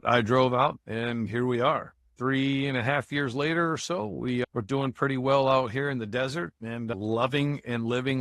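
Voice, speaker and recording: A man's voice: mid-range voice, fairly bright tone, no room sound, clean studio sound. Candid man telling his story. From Michigan, USA. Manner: candid, conversational, says "man" often. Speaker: guest, motivational speaker. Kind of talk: storytelling interview.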